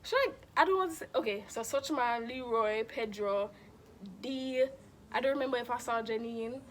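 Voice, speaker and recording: A young woman telling a storytime in a casual, animated, dramatic way. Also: a little high, slight background noise. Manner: animated, dramatic, acts out quoted voices. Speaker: vlogger.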